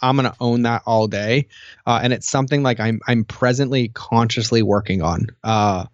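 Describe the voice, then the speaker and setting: A man's voice: medium pitch, normal speed, no echo. Man, muffled dry sound, chatty podcast co-host, acts out quotes, lots of fillers. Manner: animated storytelling, acts out quotes, many fillers. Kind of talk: casual chat.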